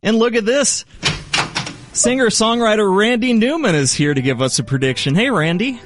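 A man's voice: sits high, animated, moderate pace, noisy background. Upbeat laughing sports host man. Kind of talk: sports show segment.

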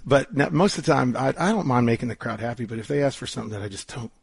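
A man, a musician being interviewed at his house, his voice raspy and hoarse from a vocal cord injury, rambling and laughing often. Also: medium pitch, animated, very fast, dry recording. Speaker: musician guest. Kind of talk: casual interview chat.

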